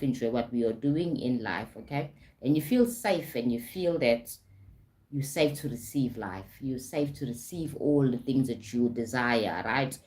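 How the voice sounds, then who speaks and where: A woman's voice: very deep voice, a little mellow. A woman with a South African accent, a life coach talking on a live stream, often adding "right?" and "okay?" and greeting viewers.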